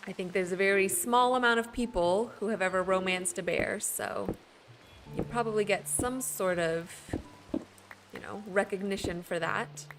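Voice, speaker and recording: A woman's voice: mid-range voice, moderate pace, background noise. A woman streaming a building game, chatting with her viewers in a rambling, playful way and laughing often. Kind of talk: casual chat with stream viewers while building.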